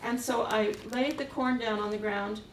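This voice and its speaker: A woman's voice: on the high side, steady tone, moderate pace. A woman telling a rambling story from across an echoey room. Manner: meandering, with frequent chuckles. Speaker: artist giving a talk. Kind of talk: anecdotal storytelling. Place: museum gallery room. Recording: echoey room, distant mic, faint hiss.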